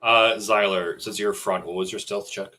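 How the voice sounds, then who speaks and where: A man narrating a tabletop game as game master, relaxed and hesitant with many fillers. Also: lowish voice, moderate pace, faint music behind, poor audio.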